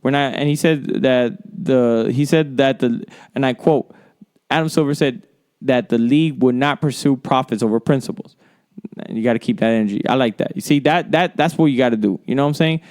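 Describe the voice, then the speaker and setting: A man's voice: medium pitch, brisk, darkish tone. A man hosting a solo sports podcast, ranting in a rambling, profane and heated way. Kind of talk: solo sports commentary rant.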